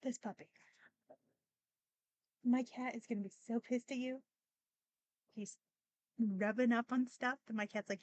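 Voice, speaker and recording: Speaking at a measured pace with long pauses, a young woman hosts a podcast in a casual personal monologue. Her medium-pitched voice carries emotion, filled with fillers and restarts, and at times she's close to tears. There's no echo.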